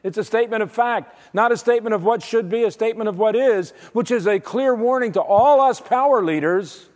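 A man preaching a sermon, emphatic and dramatic, swinging from loud declarations to hushed, slow words. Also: high voice. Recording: long hall reverb.

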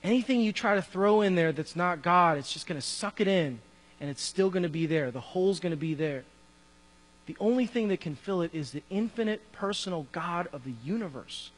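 A man's voice: sits high, animated, a little fast. A man preaching a conversational sermon, acting out dialogue from the story as he speaks. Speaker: pastor. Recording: reverberant hall with mains hum.

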